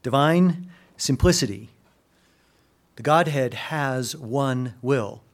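Preaching man, hushed then booming. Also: slow. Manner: swings from hushed low asides to loud emphatic peaks; acts out quoted dialogue in lively voices. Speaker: pastor. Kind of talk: sermon.

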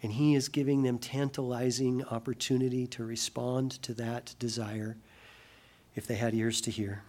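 A pastor preaches in a mid-range voice with little movement in pitch. He still acts out quoted voices, bursting loud without warning and becoming soft and slow on solemn matters.

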